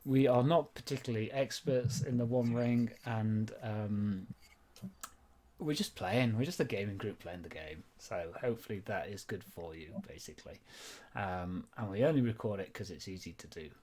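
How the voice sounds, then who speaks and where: A man hosts and recaps a tabletop role-playing game in a loose, rambling way. His voice sits a little low, and he hesitates often and laughs easily. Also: normal speed, warm tone. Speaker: game master. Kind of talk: casual chat and game recap.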